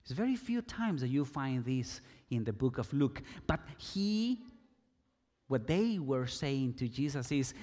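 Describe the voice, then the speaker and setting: A man preaching a sermon, slow and emphatic, sometimes rising to loud cries. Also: medium pitch, big pitch swings. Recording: long reverb in a hall.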